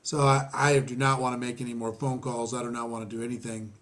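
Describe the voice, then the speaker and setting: A man teaching network marketing through a personal story, rambling and self-deprecating, with many fillers and restarts, clearing his throat often. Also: mid-range voice, level tone, fast, a bit bright. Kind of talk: storytelling lesson.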